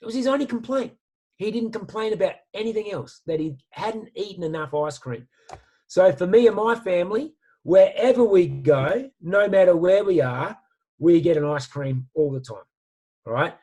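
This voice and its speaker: A man speaks with lively, slangy enthusiasm, pitched a little high for a man. He sounds like a motivational speaker telling stories over a video call. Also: normal speed. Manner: animated, storytelling with slang. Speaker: guest speaker. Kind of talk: motivational talk.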